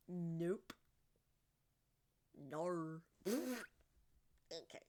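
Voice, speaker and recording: A woman hosting a stream, reacting to clips with relaxed, wry commentary. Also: mid-range voice, takes it slowly. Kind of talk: casual commentary.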